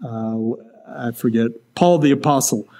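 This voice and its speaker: A man's voice: mid-range voice, unhurried, mellow. A man co-hosting a podcast, explaining academic theology in casual talk with frequent fillers and restarts. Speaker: podcast co-host.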